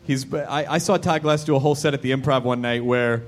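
A man hosting a live comedy podcast on stage, quick and joking with casual profanity. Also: mid-range voice, fairly even intonation. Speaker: podcast host. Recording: live stage with loud audience and noise. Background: audience laughter.

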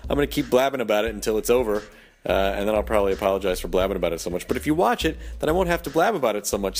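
A man's voice: lively intonation, fast, darkish tone. A man hosting a podcast with a nearly lost voice, rambling and self-mocking through an intro and ad read. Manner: rambling, self-mocking, jumps between high and low. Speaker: podcast host.

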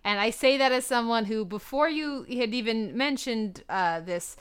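Woman co-host, smooth clear voice, chatty, filler-heavy casual talk. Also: on the high side, normal speed, fairly bright tone. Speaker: podcast co-host. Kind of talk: casual chat.

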